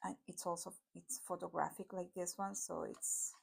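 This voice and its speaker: A chatty woman from Argentina talks through her tarot decks in English, with an Argentine Spanish accent and Spanish as her first language. She rambles through a casual vlog, dropping fillers and quick apologies along the way. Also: on the low side, level tone, creaky, breathy edge. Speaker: tarot YouTuber. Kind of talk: casual deck review vlog.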